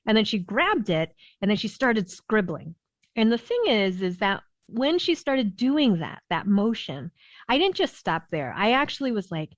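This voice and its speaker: A woman pediatrician telling a parenting story in a podcast interview, lively and laughing often, with many "you know" fillers. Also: mid-range voice, normal speed, dry recording. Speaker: behavioral pediatrician guest. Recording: dull, dry lo-fi sound.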